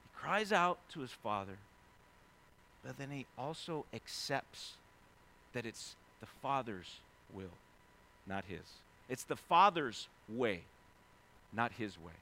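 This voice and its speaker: A man in his forties, a pastor, preaching a sermon in a conversational way, swinging between loud excited stretches and hushed quiet ones, full of "you know" and "right?". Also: medium pitch, slow, pauses often. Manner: heavy use of fillers like "you know" and "right?".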